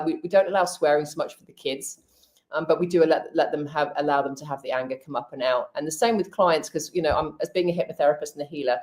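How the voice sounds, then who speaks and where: A woman's voice: sits low, darkish tone. A middle-aged woman, a hypnotherapist and healer, chatting candidly on a live stream and giving practical tips. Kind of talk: casual live-stream chat.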